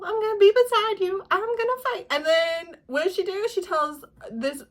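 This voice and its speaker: Young woman ranting about a book, pretty high voice, sarcastic and laughing constantly. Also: a bit bright. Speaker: book reviewer. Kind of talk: casual reading vlog.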